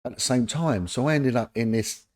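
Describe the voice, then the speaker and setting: This middle-aged man has a London accent and a medium-pitched voice at normal speed. A former police detective and podcast guest, he tells animated stories in a casual interview, mimicking the voices of the people involved.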